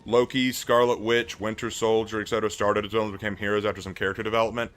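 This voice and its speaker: A man's voice: lowish voice, fast. A young man from the American South, chatty and teasing, commentating casually while he plays. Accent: mild Southern US, mostly suppressed. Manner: animated, chatty, teasing, laughs often. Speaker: gaming streamer. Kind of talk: casual live-stream commentary.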